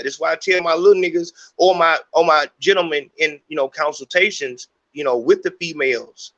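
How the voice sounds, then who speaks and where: Bright-voiced, heated, profane man. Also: sits high, lo-fi sound. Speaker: podcast host. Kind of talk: unscripted monologue.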